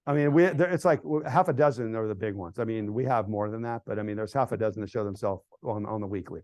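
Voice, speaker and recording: A middle-aged American man speaking casually to a church group, telling stories that build to loud, animated outbursts. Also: fairly low pitch, fast talker, dry recording. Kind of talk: casual storytelling talk to a group. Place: church hall event.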